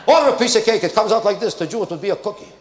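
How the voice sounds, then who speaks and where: An older man doing a stand-up comedy routine on a theater stage, animated and acting out exasperated characters. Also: high-pitched. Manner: animated, rapid, acts out exasperated characters mid-bit. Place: theater stage with a live audience. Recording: echoey live theater with audience noise. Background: audience laughter.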